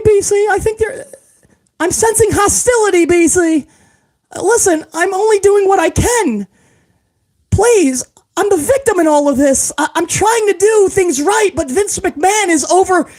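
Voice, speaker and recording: A man's voice: very high voice, a little slow, darkish tone, voice pushed up. A man putting on a comedic impression of a whining, pleading male wrestling executive who plays the victim. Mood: whiny. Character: whiny, self-pitying male wrestling executive.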